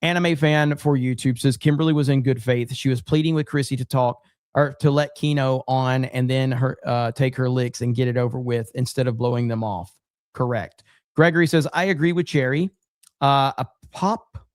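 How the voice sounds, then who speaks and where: A man's voice: mid-range voice, fairly even intonation, moderate pace, dry recording, studio quality. A male livestream host reading super chats aloud in casual chat, swearing freely and laughing often.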